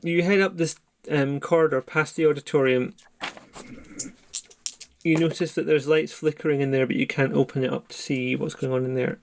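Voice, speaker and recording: A man's voice: a little high, fairly even intonation, gravelly, a little hiss or hum. Man narrating a horror tabletop game. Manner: descriptive, measured narration with restarts. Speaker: game master.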